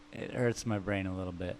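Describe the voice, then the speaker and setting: A man's voice: deep voice, slight background noise. A man streaming live as he paints, thinking aloud in a rambling, self-mocking way and chatting with viewers. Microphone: microphone.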